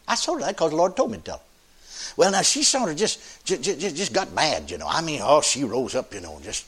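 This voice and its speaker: An older man preaching a sermon in a folksy, animated way, often laughing with his congregation. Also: mid-range voice, fast talker, slightly rough.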